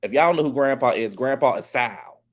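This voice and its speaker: Here a man with a gossipy, sassy streak recaps a reality show briskly and chattily. He speaks at a middle pitch but leaps upward when mimicking cast members.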